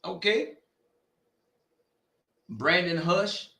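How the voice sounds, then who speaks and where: A man with a bright, forceful voice hosts a casual watch party stream. He reacts loudly to every play and talks back at the screen. His voice rings around an echoey room. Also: sits high, very slow, vocal fry. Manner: loud, animated, talks back to the game.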